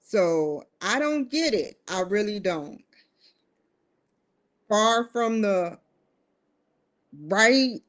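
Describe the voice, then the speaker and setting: A woman's voice: medium pitch, animated, extremely slow, long pauses. A woman vlogging to camera in a casual monologue, musing and putting questions straight to her viewers. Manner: musing, addresses viewers directly with rhetorical questions.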